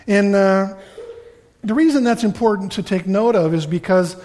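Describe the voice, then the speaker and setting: High-voiced and darkish in tone, the pastor wanders conversationally through his sermon, self-deprecating and relaxed with his congregation. The church hall's long reverb is audible.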